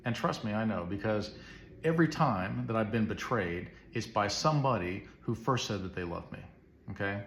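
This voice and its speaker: A man's voice: lowish voice, lively intonation, normal speed, a bit bright, slight background noise. A man preaching casually to camera, telling a story with conversational asides. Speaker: Christian speaker. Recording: echoey room.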